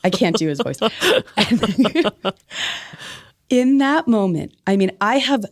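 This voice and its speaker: A woman guest telling an animated personal story in a conversation, laughing often and filling her speech with "like.". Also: medium pitch, takes it slowly. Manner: expressive, laughs often, many "like" fillers. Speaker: podcast guest, spiritual medium.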